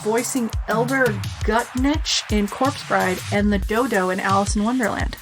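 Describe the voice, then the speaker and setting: A woman co-hosting a movie podcast in casual chat, animated and profane, often acting out characters' lines. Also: mid-range voice, normal speed, faint music behind. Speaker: podcast co-host.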